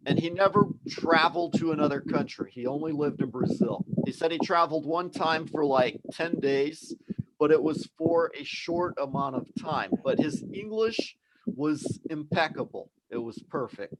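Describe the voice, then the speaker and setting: A man's voice: fairly high pitch, moderate pace, very noisy. A man hosting a live online English class, explaining things in an encouraging, conversational way.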